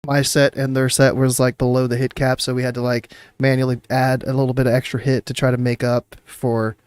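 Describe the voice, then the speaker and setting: A man co-hosting a casual podcast chat, relaxed, often acting out what other people said to him. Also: mid-range voice, fairly quick, clean tone, dry recording. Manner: relaxed, acts out other people's replies with a shift in voice. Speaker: podcast co-host.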